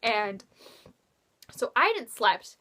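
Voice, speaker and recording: A young woman telling a rambling story in a casual vlog, swearing freely and acting out quotes with sudden jumps in pitch. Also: big pitch swings, very slow, bright, forceful tone. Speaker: vlogger.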